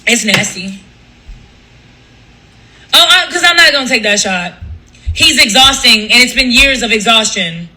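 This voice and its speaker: Very high, bright-voiced man ranting. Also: lively intonation, measured pace, long pauses, low-quality recording. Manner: blunt, profane, gossipy. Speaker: livestream host. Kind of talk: casual livestream rant.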